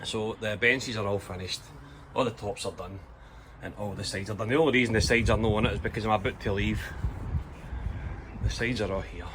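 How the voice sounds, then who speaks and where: A man's voice: on the low side, fairly even intonation, a little fast, background noise. A Scottish man chatting casually as he explains his work inside a van he is converting. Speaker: vlogger building a campervan. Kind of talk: casual walkthrough vlog.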